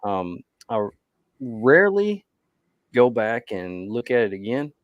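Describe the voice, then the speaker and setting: A man's voice: medium pitch, big pitch swings, takes it slowly, dry recording, highs cut off. A tired man co-hosting a podcast, chatting casually and rambling as he loses his train of thought. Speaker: podcast co-host.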